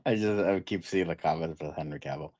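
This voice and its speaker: A man with a lowish voice chats loosely on a pop-culture podcast, filling his thoughts with ums and likes. He rambles and cracks jokes between points. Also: a little fast, darkish tone. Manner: joking, rambling with fillers. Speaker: podcast co-host. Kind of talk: casual pop-culture chat.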